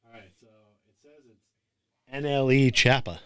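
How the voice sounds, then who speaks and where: His voice here is mid-range and resonant, clear and at a normal speed. Chatting casually as he and his co-host watch a basketball game live, he stays laid-back and wry, his delivery rising and falling lively.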